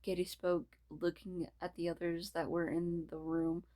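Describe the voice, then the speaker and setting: Slow-reading woman, stumbling narration. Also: fairly low pitch, little pitch movement, mellow. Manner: stumbling, restarting, laughing asides. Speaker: reader. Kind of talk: reading fan fiction aloud.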